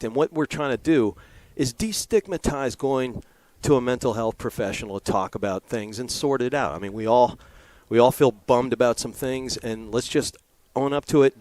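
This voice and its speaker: A man's voice: mid-range voice, darkish tone, no echo. Chatty, earnest male color commentator. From Maryland. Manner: chatty and earnest, with frequent fillers and rambling asides. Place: press booth at a lacrosse game.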